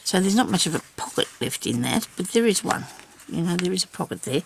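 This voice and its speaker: Hosting a journal video from her home craft table, an older woman cuts and inks while talking away to herself in a chatty, easygoing way, often breaking into laughter. She speaks quickly in a gravelly, lowish voice that swings widely in pitch, over a faint hiss or hum.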